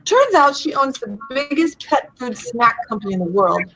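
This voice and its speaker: A woman guest on a webinar, telling stories in a bubbly, animated way over a video call. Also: on the high side, normal speed, slight background noise, low-quality recording. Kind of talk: casual storytelling chat.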